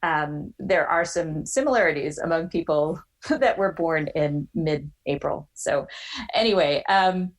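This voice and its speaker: Through poor audio comes a low female voice belonging to a podcast guest in her forties. Animatedly telling a personal story, she jumps into imitating other people's voices.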